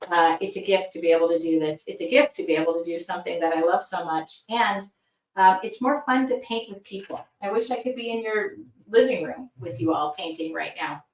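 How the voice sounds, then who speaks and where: A woman's voice: on the low side, a little fast, recorded from a distance. A middle-aged woman art teacher chatting casually on a livestream, reading out viewer comments with effusive thanks. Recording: roomy sound from away from the mic.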